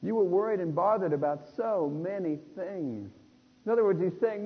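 Male preacher, expressive sermon delivery; slightly raised pitch, long hall reverb, dull recording. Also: moderate pace, slightly rough. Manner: animated, acts out the people in the text.

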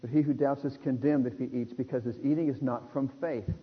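A man preaching a sermon in an animated way, acting out the people in the text. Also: mid-range voice, brisk, slightly rough. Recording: dull lo-fi sound in a reverberant hall.

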